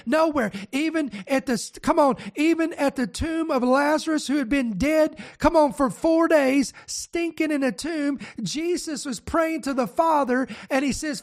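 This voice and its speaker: High-voiced impassioned preacher. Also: moderate pace, few pauses. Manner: impassioned, repeats "come on" for emphasis; reads scripture aloud to the congregation. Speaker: pastor. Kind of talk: sermon.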